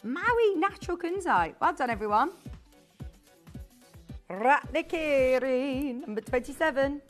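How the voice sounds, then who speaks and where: A woman presenting on a live shopping channel, chatty and bubbly, quickly rattling off prices and buyer names in a studio. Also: high voice, sing-song, faint music behind. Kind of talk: live TV sales patter.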